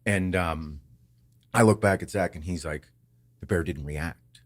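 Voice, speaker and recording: A man hosting a podcast, telling a story in a casual, animated way, swearing often and acting out what others said. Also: sits low, a little slow. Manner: animated, swears a lot, acts out quotes. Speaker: podcast host.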